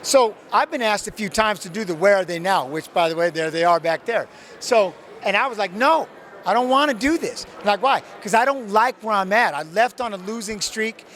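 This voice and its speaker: A man's voice: high voice, brisk. A middle-aged man telling an emotional story as an interview guest, acting out his own quotes, outdoors. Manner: animated, acts out his own quotes, swears. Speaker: interview guest, retired fighter.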